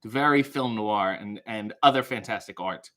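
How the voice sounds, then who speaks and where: A man's voice: fairly low pitch, normal speed, sharp tone. A man hosting a casual livestream from a small hotel room, rambling and joking as he chats with viewers. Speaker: livestream host.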